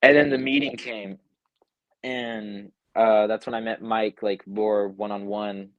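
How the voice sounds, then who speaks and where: A young music producer casually tells a story in an online live interview from home over a video call, animatedly acting out what others said and saying "like" often. His voice is on the low side and unhurried, and the recording is dry and lo-fi.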